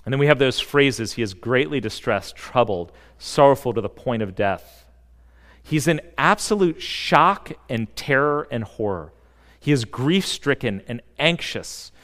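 A pastor giving a sermon in a church, earnest and emphatic, with dramatic pauses. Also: male voice, medium pitch, fairly bright tone, long reverb tail. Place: church sanctuary.

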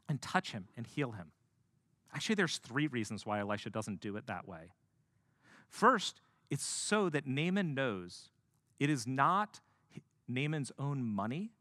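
A man preaching a sermon who tells a story in an animated way and adds casual asides. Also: medium pitch, no room sound, studio quality. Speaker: pastor.

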